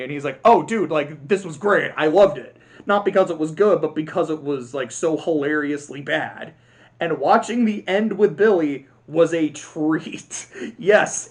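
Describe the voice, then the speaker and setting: A man giving a casual spoken review of films, rambling, cutting himself off and laughing often. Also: on the high side. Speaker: video creator. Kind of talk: casual film review monologue.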